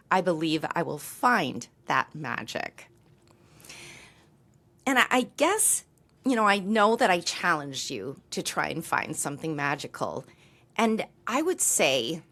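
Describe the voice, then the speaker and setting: A woman in her fifties speaks to her viewers in an earnest, reflective vlog. Her voice sits low, yet her pitch moves a lot as she talks. She laughs softly now and then. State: briefly tearful. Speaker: lifestyle vlogger. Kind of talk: heartfelt talk to camera.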